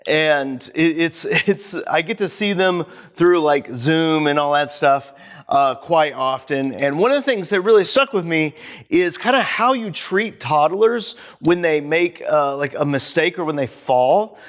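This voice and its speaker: A man with a notably high voice delivers a sermon in an easygoing, conversational way. He talks loosely, with fillers, restarts and a friendly chatty flow. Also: measured pace, a bit bright. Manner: chatty and loose, many fillers and restarts, playful baby-talk asides. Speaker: pastor.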